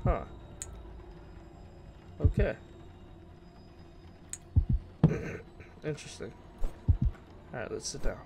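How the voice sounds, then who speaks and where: A gaming channel host, a man with a mid-range voice, talks through a casual game walkthrough extremely slowly, with vocal fry and long pauses, on a very noisy recording. He's excitable and jumpy, letting out startled outbursts and mild swearing when surprised.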